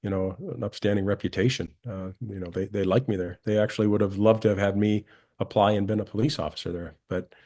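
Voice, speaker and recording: Retired cop in his 60s, really deep voice, talks quick and earnest as a guest. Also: steady tone, warm tone. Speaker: retired police lieutenant, guest. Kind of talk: interview answers.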